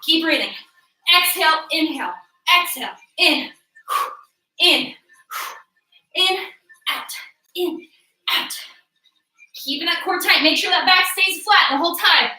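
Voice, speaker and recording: Breathless, high-pitched woman fitness coach. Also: unhurried, long pauses. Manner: energetic, encouraging, frequent whoops and cheers. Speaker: fitness instructor. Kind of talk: coaching a workout class. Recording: echoey room, mic at a distance.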